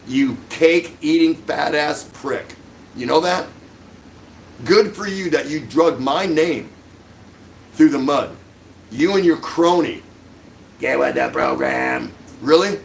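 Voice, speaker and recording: A man's voice: on the high side, slow, long pauses, a little hiss or hum, rough recording. A middle-aged man hosting a livestream, delivering an angry, sarcastic rant full of insults. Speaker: livestream host.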